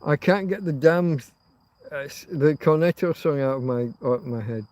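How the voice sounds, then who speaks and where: A man's voice: on the high side, normal speed, a little mellow, dry recording. A middle-aged man from Yorkshire with a Yorkshire accent, rambling and musing on a casual livestream chat as its host. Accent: Yorkshire English. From Yorkshire, England. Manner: musing, meandering, drifts between thoughts.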